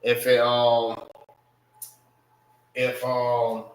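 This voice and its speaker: A man teaching a language class, slowly spelling out and repeating words for his students. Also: medium pitch, monotone. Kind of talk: classroom lesson on pronunciation. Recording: echoey room, mic far off.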